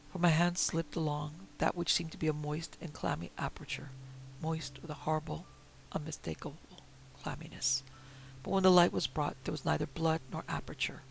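Gravelly male audiobook narrator. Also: a little high, a little hiss or hum, poor audio. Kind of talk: reading a Victorian story aloud.

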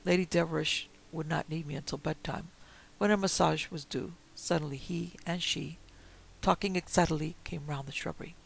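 Male narrator, gravelly and a little high, reading a period tale. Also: steady tone, normal speed, rough recording. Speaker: audiobook narrator. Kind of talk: reading a Victorian story aloud.

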